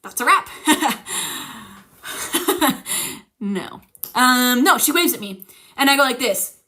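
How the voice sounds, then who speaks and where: A young woman streamer casually telling a ghost story, animated and swearing, acting out the quotes. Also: high voice, slow pace.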